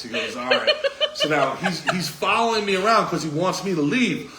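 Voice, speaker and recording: A man, a comedian, telling an animated road story and acting out the people in it. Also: a little high, brisk, roomy sound, crowd noise, low-quality recording. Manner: animated, acts out other voices in the story.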